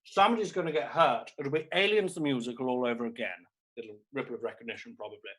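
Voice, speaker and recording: A man's voice: mid-range voice, fast talker, a bit bright, husky. A man doing a comedy character act as a grandiose, needy aging theatrical diva who talks in a camp, theatrical way and calls everyone darling. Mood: melodramatic.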